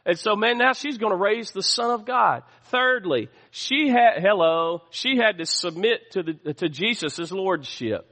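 A man delivers a sermon from the pulpit, his voice pitched high and bright. He keeps drawing responses from the congregation as he preaches. The sanctuary adds a long, lingering reverb behind him. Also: lively intonation, measured pace, hardly any pauses. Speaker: pastor. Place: church sanctuary.

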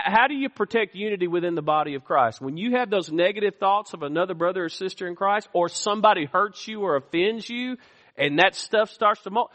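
Male pastor, high voice, call-and-response sermon, reverb of a church hall. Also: a bit bright. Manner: call-and-response preaching, asks the congregation for amens. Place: church sanctuary.

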